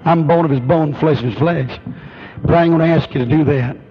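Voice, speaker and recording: High-voiced preacher man, emphatic. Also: a little fast, slightly rough. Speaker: pastor. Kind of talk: sermon. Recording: dull lo-fi recording.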